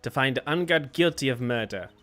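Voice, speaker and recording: A man's voice: medium pitch, animated, normal speed, fairly bright tone, lightly acted. A man voicing a cold, haughty young female prosecutor, speaking in a clipped, stern way. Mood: icy.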